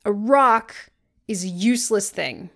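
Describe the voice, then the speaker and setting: A woman's voice: mid-range voice, lively intonation, measured pace, fairly bright tone. A woman co-hosting a podcast, talking earnestly and casually with frequent fillers. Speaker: podcast co-host. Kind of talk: casual chat.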